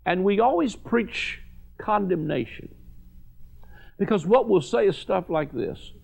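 Man, preacher, heavy vocal fry, slightly high voice, fervent, emphatic repetition. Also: animated, unhurried, darkish tone. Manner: fervent, emphatic, repeats phrases for stress. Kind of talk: televised sermon.

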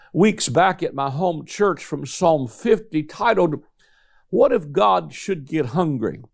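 A middle-aged man preaching with a gravelly, creaky edge to a voice that sits a bit high for a man. He talks earnestly, reading scripture passages aloud and often restarting his phrases. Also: a little mellow. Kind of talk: sermon.

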